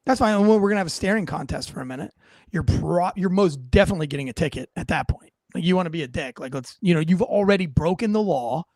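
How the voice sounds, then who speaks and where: A man who was a police officer, giving blunt, profane, animated commentary on footage. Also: on the high side, fast, no room sound. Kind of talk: casual reaction commentary.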